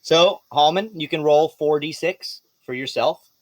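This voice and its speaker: Lively, higher-voiced male game master; swears casually, dry close sound. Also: measured pace, no echo. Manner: lively, profane, apologetic. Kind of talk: running a tabletop game.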